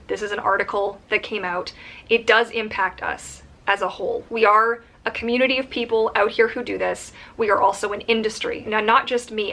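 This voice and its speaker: A woman's voice: a little high, sharp tone. A woman vlogging to camera about her profession, earnest and emphatic, speaking with open anger. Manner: earnest and emphatic, openly angry; lists points in rapid runs. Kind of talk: direct-to-camera vlog.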